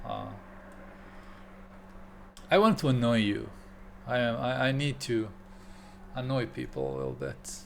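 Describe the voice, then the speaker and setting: A man chats with his viewers in a playful, joking way. He talks at a slow, unhurried pace in a mid-range voice, and a faint hum runs underneath. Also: mid-range voice, fairly bright tone. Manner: playful, joking, mock German phrases. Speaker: streamer. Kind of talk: casual livestream chat with viewers.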